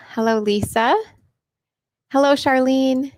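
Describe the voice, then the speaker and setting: A woman's voice: mid-range voice, normal speed. A middle-aged woman hosting a casual live Q&A stream on her own mic, chatty and upbeat, greeting viewers by name. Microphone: personal microphone.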